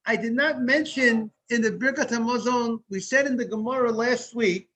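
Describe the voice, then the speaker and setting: High-voiced rabbi teaching Talmud. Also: male voice, normal speed, fairly bright tone. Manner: explains step by step, repeating and restarting phrases; breaks off to greet people joining. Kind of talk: Talmud study lesson.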